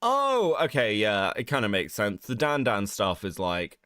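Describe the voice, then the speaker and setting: A man's voice: lowish voice, unhurried, clear, resonant tone, dry recording, clean studio sound. A young man co-hosting a stream, reacting casually with frequent laughs and swearing. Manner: animated, laughs often, swears freely. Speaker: streamer co-host.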